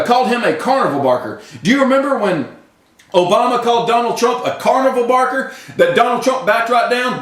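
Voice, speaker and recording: A man, ranting straight to a camera at home, impassioned and breaking into yelling. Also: extremely high pitch. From Texas. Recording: roomy echo.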